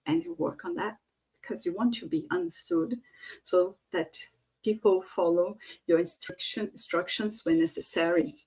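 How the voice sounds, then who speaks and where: Speaking at an online conference about voice and leadership, this woman uses plenty of fillers and acts out sample phrases in a range of tones. Her voice sits at medium pitch and sounds a little mellow.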